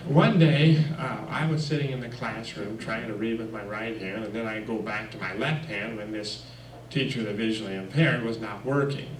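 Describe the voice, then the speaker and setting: A man telling lively personal anecdotes at a church, with chuckles and fillers. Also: medium pitch, a little hiss or hum. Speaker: guest speaker. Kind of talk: personal storytelling talk. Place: church hall. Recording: echoey room, mic far off.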